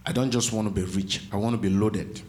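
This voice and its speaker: A man's voice: on the low side, steady tone, a little fast, a little mellow. A man preaching a sermon in a church, calling out to the congregation and teasing them with playful asides. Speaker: pastor.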